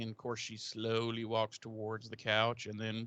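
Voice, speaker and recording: A man co-hosting a podcast, casually recapping an episode with crude jokes and quick impressions of the characters. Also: medium pitch, clear, resonant tone, dry recording. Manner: profane, joking, acts out characters' lines. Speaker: podcast co-host.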